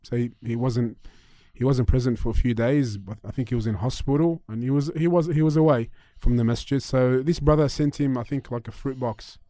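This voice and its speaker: Mellow Australian radio host. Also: male voice, mid-range voice, fairly quick, hardly any pauses, dry recording. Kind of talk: casual chat.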